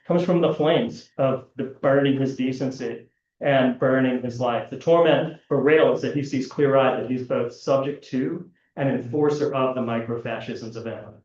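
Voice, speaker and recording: A man's voice: mid-range voice, fairly even intonation, a little slow, a little mellow. A man presenting an academic paper at a conference panel, reading a prepared analysis with occasional fillers and restarts. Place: large lecture hall. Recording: echoey hall, distant, dull lo-fi.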